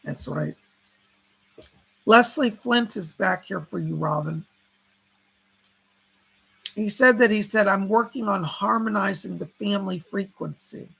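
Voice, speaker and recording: Male psychic medium, very gravelly, raspy, live-stream reader. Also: high-pitched, unhurried, long pauses, a bit bright, low-quality recording. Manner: relays spirit messages as quotes, thanks donors by name.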